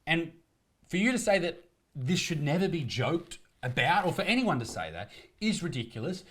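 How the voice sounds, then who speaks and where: Australian man, comedian, combative and profane, animated pitch, commentary video. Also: normal speed.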